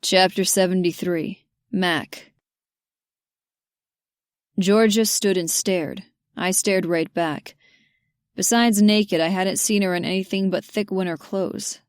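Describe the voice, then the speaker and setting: A woman narrating a romance audiobook, lively and giving the characters their own voices, on a close mic. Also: fairly low pitch, slow pace, long pauses, smooth, no echo.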